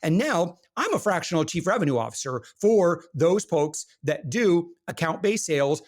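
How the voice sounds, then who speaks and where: Guy on a business podcast, kinda high voice that jumps all over, earnest and chatty, lots of restarts. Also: moderate pace. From Michigan, USA. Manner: animated, earnest storytelling with many restarts. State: briefly emotional while recalling hard times. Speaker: podcast guest, entrepreneur. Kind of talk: casual interview talk.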